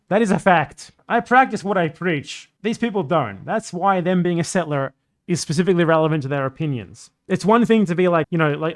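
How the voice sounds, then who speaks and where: A man's voice: a little high, fairly quick. A young man streaming live, ranting in a combative, profane way about politics.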